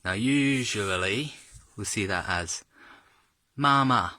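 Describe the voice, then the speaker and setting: A man giving a casual, jokey video lesson as a self-taught learner, stretching his pitch up and down to demonstrate tones. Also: measured pace, bright, forceful tone, no echo. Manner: chatty and jokey, exaggerates tones when demonstrating.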